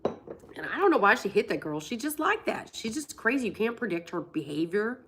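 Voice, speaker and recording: Against a noisy background, a medium-pitched woman talks briskly and very animatedly. The Florida livestream host, in her forties and suffering from a cold, tells frank, profane stories and reenacts what others said.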